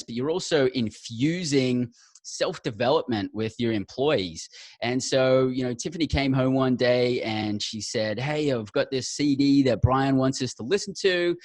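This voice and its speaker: A man's voice: mid-range voice, no room sound. A man hosting a podcast, talking in an enthusiastic, effusive casual way. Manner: enthusiastic, effusive, says "awesome" and "mate". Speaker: podcast host. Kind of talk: casual interview chat.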